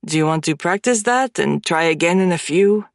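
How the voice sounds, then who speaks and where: A woman reading an audiobook voices a suave, sardonic French male friend, pitched lower than her own voice. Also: expressive, moderate pace, creaky, no room sound, studio quality. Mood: teasing. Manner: playful, sardonic.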